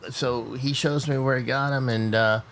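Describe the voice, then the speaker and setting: A man from California, hosting a podcast and telling a lively story, often repeating words as he gets going. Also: medium pitch, moderate pace, a little hiss or hum. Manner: animated, repeats words when excited. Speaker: podcast host. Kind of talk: casual storytelling.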